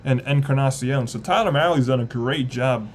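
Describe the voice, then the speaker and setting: A young man calling baseball play-by-play on a live stream, casual and chatty as he reads viewer comments between pitches. His voice sits at a middle pitch, with faint noise behind it. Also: moderate pace. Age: young adult.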